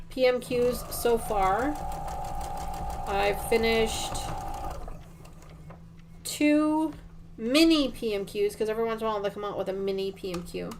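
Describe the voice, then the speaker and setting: A woman's voice: mid-range voice, background noise. Chatty woman rambling while she sews. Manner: chatty, rambling, many ums and restarts. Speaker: quilting livestream host. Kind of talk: casual chat while sewing.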